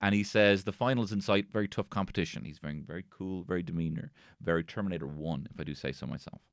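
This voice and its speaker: A man's voice: low-pitched, quick pace, no room sound, clean studio sound. A man hosting a solo comedy podcast, rambling, swearing and joking as he recaps. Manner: sweary, rambling, jokey, bursts into silly voices. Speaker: podcast host.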